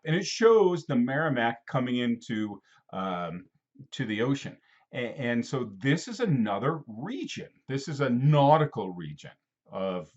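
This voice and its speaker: A man gives a casual video geography lesson in a rambling, playful way, often addressing the student by name. His pitch jumps around a lot as he talks. The recording sounds dull and lo-fi. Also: darkish tone, slightly rough. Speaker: teacher.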